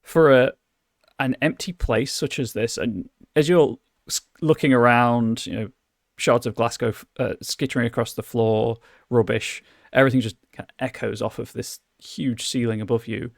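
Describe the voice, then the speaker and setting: A man's voice: medium pitch, fairly even intonation, normal speed, gravelly, no room sound, studio quality. A man running a tabletop game as game master, describing scenes with many restarts and fillers.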